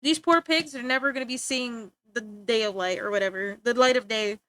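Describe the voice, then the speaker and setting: A woman's voice: a little high, fairly quick, sharp tone, smooth. A young woman streaming live, rambling and joking in casual chat with frequent laughter.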